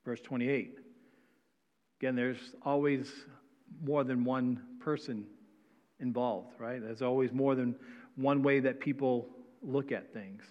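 A man's voice: mid-range voice, fairly even intonation, slow. Male pastor preaching in a church sanctuary, scripture reading then explanation, long hall reverb, slightly dull lo-fi sound. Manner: reads scripture then explains with frequent "right?" tags. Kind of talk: sermon.

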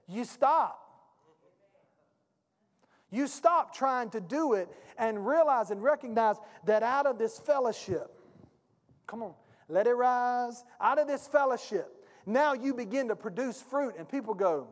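A man preaching a sermon as pastor, with a call-and-response delivery that swings from hushed to shouting. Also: very high voice, animated, a little slow. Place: church sanctuary. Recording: long hall reverb.

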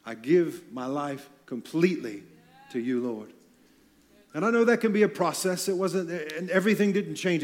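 High-voiced earnest male preacher. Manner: earnest, emphatic, with light self-deprecating humor. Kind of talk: sermon to church leaders.

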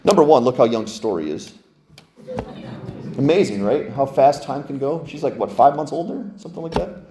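A man, a lead pastor, preaching a lively, conversational sermon full of rhetorical questions. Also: mid-range voice, normal speed, roomy sound, crowd noise. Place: church sanctuary.

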